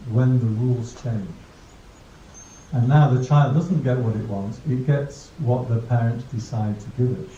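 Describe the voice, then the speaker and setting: A man's voice: medium pitch, mellow, a little hiss or hum. A man, a Buddhist monk, giving a casual, humorous talk to a class, telling anecdotes and laughing at his own jokes. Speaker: Buddhist monk teaching mindfulness. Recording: dull distant roomy recording.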